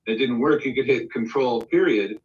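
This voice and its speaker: On a live stream, a guest recounts a studio anecdote in a medium-pitched voice, talking fairly quickly and performing each quoted line. The mic is distant and the high frequencies are cut off, giving the call a casual, storytelling feel.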